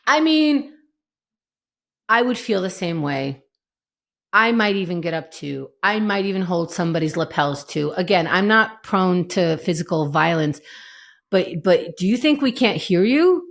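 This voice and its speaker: A woman's voice: lowish voice, expressive, unhurried. A woman co-hosting a podcast, chatting casually and animatedly retelling TV scenes, slipping into characters' lines. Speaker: podcast co-host. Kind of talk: casual chat recapping a TV episode.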